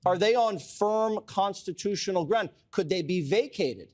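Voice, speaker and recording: High-voiced man firing pointed questions. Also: lively intonation, measured pace, a little mellow. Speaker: panel guest. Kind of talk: opinionated panel commentary.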